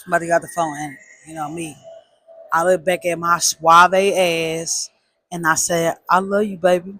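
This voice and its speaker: A woman telling a personal story in a casual, animated way, with emphatic repeats and slang. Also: fairly low pitch, normal speed, no echo.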